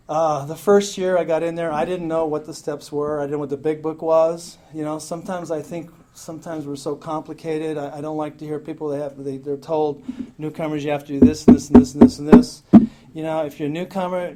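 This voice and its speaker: A man's voice: a little high, mellow. A middle-aged man from Utah sharing his recovery story at a meeting, frank and profane, often laughing at himself. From Salt Lake City, Utah, US. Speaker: AA meeting speaker. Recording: hissy amateur meeting tape.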